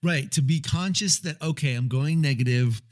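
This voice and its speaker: A man's voice: a little high, moderate pace, darkish tone. A man hosting a casual chat, upbeat and encouraging, affirming his guest.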